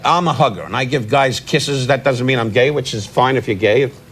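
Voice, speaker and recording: A man's voice: mid-range voice, a bit bright, husky. A man, a guest on a talk show telling comic stories, teasing and restarting his words as he goes. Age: 80s. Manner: quick-witted insult comic, stammering restarts, teasing. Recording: TV studio with audience noise.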